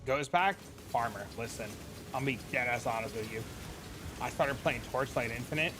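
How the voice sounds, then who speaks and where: A young man chatting casually on a gaming livestream, profane and excitable, swearing freely. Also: medium pitch, moderate pace, background noise. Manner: profane, excitable, talks to his cats. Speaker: gaming streamer.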